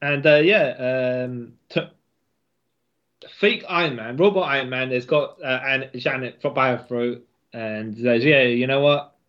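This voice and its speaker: A man's voice: medium pitch, a little slow. Male co-host, rambling, hesitant, slightly lo-fi mic. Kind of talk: casual chat. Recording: slightly dull sound.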